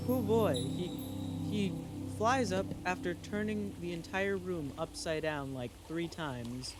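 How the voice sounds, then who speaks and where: A man casually telling a spooky story in an excitable, halting way, full of restarts and exclamations. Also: sits high. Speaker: channel host.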